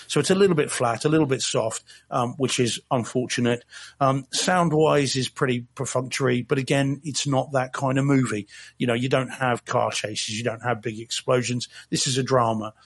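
A man's voice: medium pitch, husky. A man in casual podcast chat, rambling and self-correcting with a wry tone as he reviews a film. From not from Boston.

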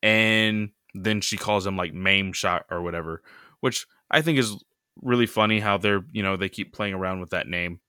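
A man chatting casually on a podcast. His voice is bright and forceful, sitting a touch low, and the sound is close and dry. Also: moderate pace, smooth, dry recording. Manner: loose, filler-heavy retelling with many "you know" and "like". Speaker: podcast co-host recapping a comic. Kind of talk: casual chat.

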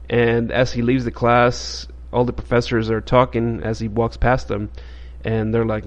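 A man's voice: medium pitch, little pitch movement, a little slow, dull audio. A man hosting a podcast, casually retelling a comic book story in a rambling way with frequent fillers. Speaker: podcast host.

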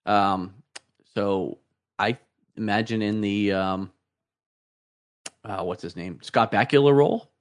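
A man's voice: on the low side, takes it slowly, long pauses. Easygoing man co-hosting a casual chat. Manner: easygoing, laughs along, hesitant fillers. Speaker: podcast co-host. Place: comic bookstore.

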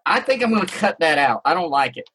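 A man's voice: a little high, sing-song, fast talker, sharp tone, a little hiss or hum. A man hosting a podcast, giving a theatrical first-person story reading with mock-serious relish. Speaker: podcast host.

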